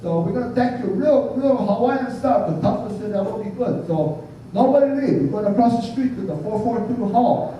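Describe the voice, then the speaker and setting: An older man voicing a huge, brash male funeral organizer who is loud, bossy and cheerful. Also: high-pitched, very animated, quick pace, few pauses, slight background noise, voice pushed up. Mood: hearty. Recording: echoey hall, distant mic, dull sound.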